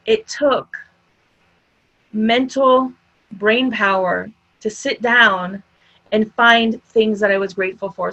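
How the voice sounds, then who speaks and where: Upbeat woman with a higher voice, chatty motivational talk to viewers, kinda dull lo-fi sound. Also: a bit bright. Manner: upbeat, conversational, addresses audience directly. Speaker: summit speaker.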